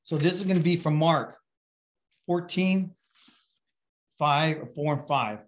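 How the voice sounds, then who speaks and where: Middle-aged man, pastor; relaxed sermon delivery, chatty and anecdotal, voice sits a bit high. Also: slow pace. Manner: casual, storytelling with fillers and restarts. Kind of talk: conversational sermon.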